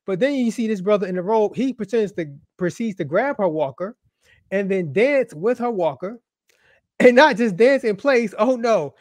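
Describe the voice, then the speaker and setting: A man's voice: high-pitched, animated, normal speed, dry recording. A man co-hosting a casual show, telling stories about church videos in an amused way and laughing often. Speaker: co-host.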